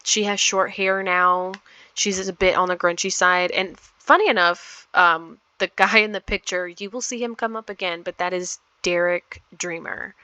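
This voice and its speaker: A woman's voice: on the low side, steady tone, moderate pace, sharp tone, clean tone, dry recording. A woman casually talking through her life-simulation gameplay, rambling with many fillers. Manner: chatty, rambling with many ums. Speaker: gameplay vlogger. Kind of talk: casual game commentary.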